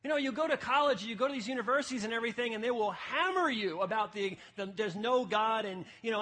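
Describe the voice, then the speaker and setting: A male pastor preaching with a fairly high, husky voice. He drives his points hard and passionately, then drops to a hushed, deliberate delivery. The sermon is given to a congregation at a service. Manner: passionate, emphatic preaching with sudden quiet stretches. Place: church service.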